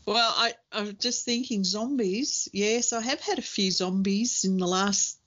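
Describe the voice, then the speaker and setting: A woman's voice: medium pitch, a little slow, a bit bright. A woman co-hosting a podcast in casual chat, thoughtful and easy to laugh, with hesitant fillers. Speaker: podcast co-host. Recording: dull lo-fi sound.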